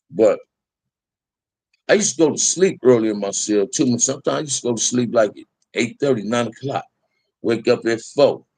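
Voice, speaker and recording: A man's voice: medium pitch, no room sound. A middle-aged man telling prison stories in casual talk to a live chat, candid and laid-back, full of street slang.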